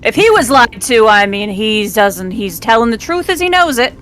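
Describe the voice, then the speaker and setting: A woman playing a tabletop role-play, chatting quickly and casually. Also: a little high, lively intonation, a bit bright. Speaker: player.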